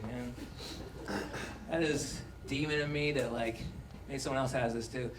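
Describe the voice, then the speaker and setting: A man's voice: medium pitch, unhurried, very noisy. A man doing a stand-up comedy set in a club, swearing and acting out voices, with audience laughter. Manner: swearing, animated, acts out voices. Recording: echoey club recording from a distance.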